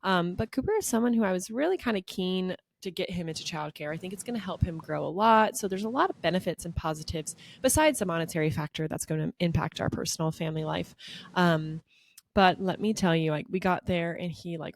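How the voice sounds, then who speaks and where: A woman's voice: lowish voice, brisk, slight background noise. A woman co-hosting a podcast, telling a personal story in a chatty, emotional way with lots of fillers. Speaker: podcast co-host. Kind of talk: casual podcast chat.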